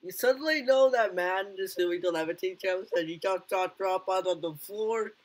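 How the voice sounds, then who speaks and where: In a casual reaction video, a high-voiced man comments excitedly, stumbling into halting restarts and repeating his exclamations. The audio quality is poor.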